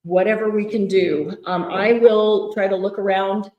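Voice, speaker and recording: A woman hosting a live craft fundraiser sale, chatting excitedly and greeting viewers by name, recorded in a large room on a mic draped with fabric. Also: mid-range voice, unhurried. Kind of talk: live-stream chat. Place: large echoey event room at a craft retreat. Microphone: fixed room mic draped with fabric. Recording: echoey room, muffled tunnel sound.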